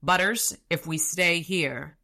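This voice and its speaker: A woman's voice: lowish voice, slow pace, creaky, bright, forceful tone, exaggerated voice. A woman reading the lines of a stubborn, wounded wizard who gives firm, urgent orders in her own voice. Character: stubborn, wounded wizard man taking charge.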